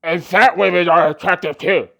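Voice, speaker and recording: A man putting on the voice of a gluttonous, whiny man craving fast food, in a mocking, self-pitying tone. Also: sits high, steady tone, vocal fry, pushed and bright, exaggerated voice.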